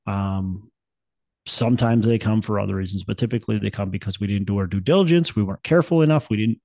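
A man with a gravelly, fry-tinged voice chats as a podcast host. He rambles in an upbeat way, full of fillers and restarts. The sound is close and dry. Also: lowish voice, fast talker, darkish tone, dry recording. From Minnesota. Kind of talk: casual podcast chat.

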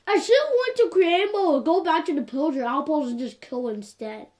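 A woman giving casual, animated commentary while playing a game. She sounds exasperated and keeps coming back to the same complaints. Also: high voice, brisk. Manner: animated and exasperated, repeats "like, for real". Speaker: gameplay commentator.

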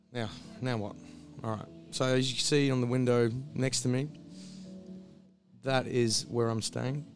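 Man, hoarse, husky gravelly voice, rambling casual chat, swears a lot, clear guitar music behind. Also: medium pitch. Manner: rambling, swears freely, loses his train of thought. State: hoarse, voice recovering. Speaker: live-streamer. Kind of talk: casual pre-stream chat. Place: hostel.

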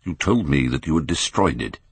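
A man gives voice to a cold, bitter young man who speaks low and subdued. The voice is deep and husky, with a dry, close audiobook sound. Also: animated, fairly quick, no echo, exaggerated voice. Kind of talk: audiobook character reading.

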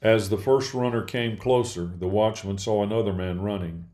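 A man reading a Bible passage aloud in a steady, measured way. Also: on the low side. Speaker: scripture reader.

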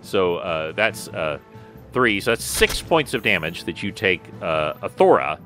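A man narrating a tabletop game as game master, relaxed and full of fillers and restarts. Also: sits low, a little slow, soft background music.

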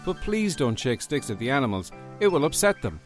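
A man putting on a loud, bouncy, over-eager radio ad announcer voice, selling hard. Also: medium pitch, very animated, fairly quick, faint music behind, pitched above the performer's own voice, natural voice. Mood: hyped.

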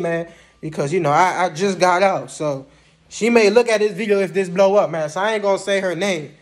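A young man with a notably high-pitched voice tells a story to the camera in a relaxed, conversational way. His talk is loose and slangy, peppered with casual fillers like "man" and "bruh". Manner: slangy, laid-back, sprinkles "man" and "bruh". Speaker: vlogger recounting Army basic training.

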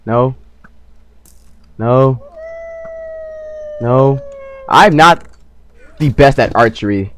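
A young man hosting his own gaming channel, giving playful, trash-talking commentary over his game and bursting into loud shrieks. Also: medium pitch, slow pace, pauses often, dry recording. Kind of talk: let's play commentary.

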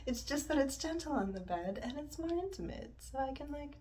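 A woman from Montreal chats casually from her bed, wandering off topic in a confessional way. Her voice sits a little high, and a faint hiss runs underneath. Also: animated, fairly quick, mellow. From Montreal, Canada. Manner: rambling, digressive, confessional. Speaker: yoga and stretching vlogger. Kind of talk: casual personal vlog chat. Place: her bedroom, sitting on the bed.

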